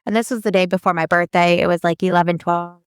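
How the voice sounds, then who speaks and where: A woman in her thirties tells a personal story on a podcast with a smooth, somewhat low voice. She chats loosely, packs in fillers and acts out what each person said. The sound is dry and close. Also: fairly even intonation, fast, no room sound. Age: 30s. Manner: chatty, lots of fillers, quotes people in her story. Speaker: podcast co-host. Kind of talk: casual storytelling.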